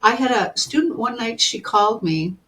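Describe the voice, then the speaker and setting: A woman in her seventies telling personal stories as a podcast guest in an animated way, often calling the listener honey. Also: a little high, moderate pace. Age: 70s. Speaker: guest, psychic and spiritual teacher. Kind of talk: storytelling in a podcast interview.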